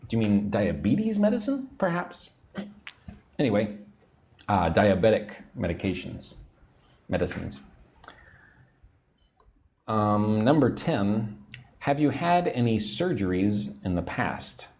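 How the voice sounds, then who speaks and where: A man teaching an English lesson on a livestream, chatting, reading out viewer comments, and drilling words slowly. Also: fairly low pitch, very animated, a little mellow. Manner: chatty, reads viewer comments aloud, slow drilled pronunciation.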